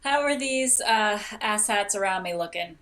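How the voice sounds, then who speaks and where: A woman's voice: mid-range voice, expressive, moderate pace, a bit bright, faint music behind. A woman playing a tabletop game, reacting bluntly and often swearing. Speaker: player. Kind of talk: tabletop game play chat.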